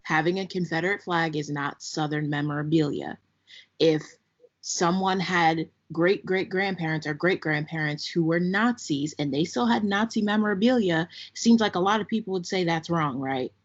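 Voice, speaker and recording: A woman co-hosting a podcast in casual chat, speaking emphatically and deliberately, as if ranting. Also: on the low side. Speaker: podcast co-host. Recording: dull lo-fi sound.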